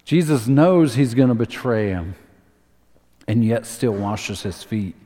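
A man preaching a sermon as a pastor, telling a story earnestly and dropping to a softer, slower voice for emphasis. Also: on the low side, animated, big-room sound.

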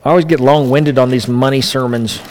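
A pastor giving a conversational sermon to his congregation, moving between quiet asides and emphatic, raised passages. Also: medium pitch, steady tone, a little fast, in a large hall, low-quality recording.

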